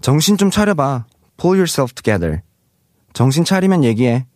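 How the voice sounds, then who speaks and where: A man's voice: a little high, sing-song, racing, darkish tone, no echo, studio quality. A man teaching Korean vocabulary in English. He reads example sentences aloud and translates each one. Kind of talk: explaining vocabulary.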